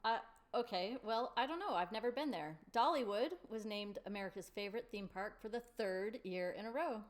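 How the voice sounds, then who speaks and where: A woman's voice: mid-range voice, a little fast. A woman with a mid-range voice joins a morning show as guest co-host. She works as a health coach and keeps the chat casual and upbeat. She laughs often.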